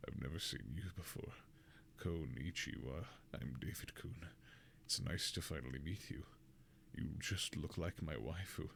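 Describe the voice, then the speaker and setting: A man's voice: extremely low pitch, moderate pace, creaky, a bit bright, slight background noise, pitched below the performer's own voice, heavily acted. A man doing a shy Southern weeb country boy. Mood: nervous. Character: awkward young male anime-fan country boy.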